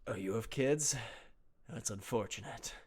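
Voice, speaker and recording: A man's voice: lowish voice, unhurried, darkish tone, voice pushed down. A man voicing a grim veteran white blood cell soldier who speaks curtly. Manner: curt, gruff.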